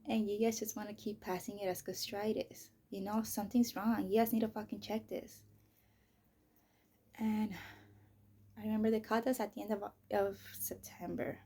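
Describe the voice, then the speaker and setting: A woman's voice: medium pitch, level tone, moderate pace, warm tone, slightly rough. A woman in her thirties telling her own story in a candid, casual way, swearing freely and filling her talk with "you know" and "like.". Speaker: vlogger.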